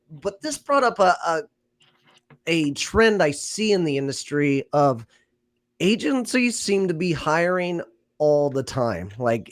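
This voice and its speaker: A man hosting a podcast, asking questions in a relaxed, conversational way with plenty of fillers. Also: medium pitch, no room sound. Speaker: podcast host. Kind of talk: casual interview chat.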